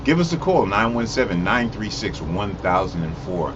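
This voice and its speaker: A man hosting a call-in show, giving casual advice in a rambling, halting way full of "you know"s. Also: fairly low pitch, big pitch swings, muffled recording, noisy background.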